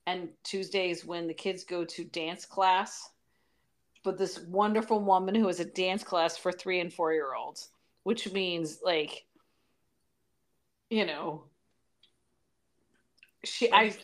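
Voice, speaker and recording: A woman in her forties telling family stories in a casual podcast chat, animated and warm-humored. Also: lowish voice, takes it slowly, pauses often. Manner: storytelling, animated. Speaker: podcast co-host.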